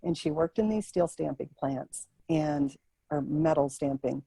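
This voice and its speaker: Low, husky woman, interview guest, expressive storyteller who restarts mid-sentence. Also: unhurried, no room sound, low-quality recording. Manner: vivid, expressive, animated retelling with many restarts. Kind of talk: emotional personal storytelling.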